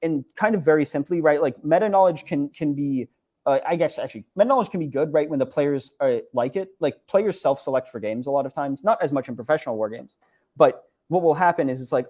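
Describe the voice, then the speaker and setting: A man's voice: on the high side, a little fast, darkish tone. A young man giving an online conference talk over slides, casual and filler-heavy, with many "right?" and "like" tags. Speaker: conference presenter. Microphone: online talk, computer mic.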